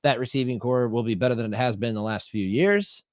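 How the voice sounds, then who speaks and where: A man co-hosting a podcast, talking sports in an animated, emphatic way and often restarting his phrases. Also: mid-range voice, fast talker, dry recording, studio quality. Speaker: podcast co-host. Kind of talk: casual sports chat.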